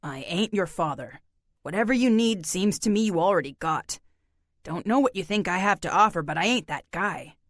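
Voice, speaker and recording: A woman's voice: fairly low pitch, animated, moderate pace, no echo, clean studio sound, close to an everyday voice. A woman reading an audiobook voices a blunt, laconic grown man who speaks in clipped, folksy sentences. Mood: flat, blunt. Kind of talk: audiobook character voice.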